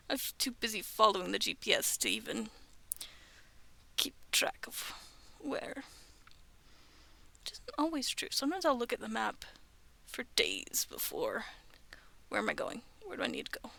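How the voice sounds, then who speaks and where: A woman in her thirties reading scary stories aloud from home, breaking off for chatty, self-aware asides and soft whispered remarks. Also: on the high side, very animated, moderate pace, gravelly, long pauses. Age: 30s. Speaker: streamer reading online stories. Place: bedroom at home.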